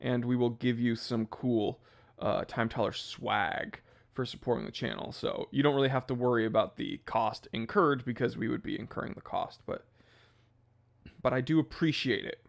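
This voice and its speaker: A man's voice: medium pitch, moderate pace, gravelly. Chatty American man hosting a livestream. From United States. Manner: chatty and animated, jumps into goofy impressions of people. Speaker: watch channel host reading live chat. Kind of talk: casual livestream chat.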